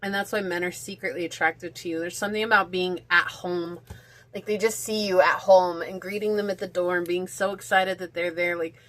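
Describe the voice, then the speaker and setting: A woman's voice: lowish voice, steady tone, fairly quick, fairly bright tone, no room sound. A woman giving a casual pick-a-card tarot reading, chatty and rambling, with lots of "like" in her talk. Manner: chatty, rambling, heavy use of "like". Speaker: tarot reader.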